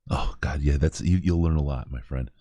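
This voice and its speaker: A man hosting a podcast, telling stories in an animated way and laughing as he goes. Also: a bass voice, a little fast, dry recording. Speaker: podcast host. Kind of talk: casual storytelling.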